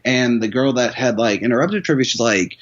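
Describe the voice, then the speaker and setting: A man's voice: mid-range voice, a little fast. A man chatting casually as a podcast guest, telling a long story full of restarts and repeated words. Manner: rambling storyteller with many restarts. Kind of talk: casual chat. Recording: dull lo-fi sound.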